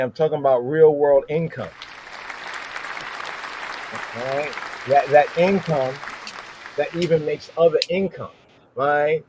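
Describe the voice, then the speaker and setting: A man teaching scripture in a casual podcast talk, repeating words slowly to show how they sound and checking in with his listeners. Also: a little high, a little mellow.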